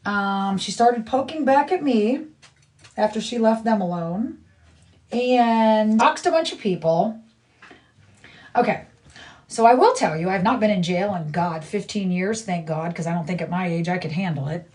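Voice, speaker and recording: A middle-aged woman venting on a casual live stream, blunt and indignant. Her voice sits at an ordinary pitch and she speaks straight to her viewers from her living room. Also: a little slow, a little mellow. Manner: blunt, indignant, talks to her child off to the side. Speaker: livestreamer.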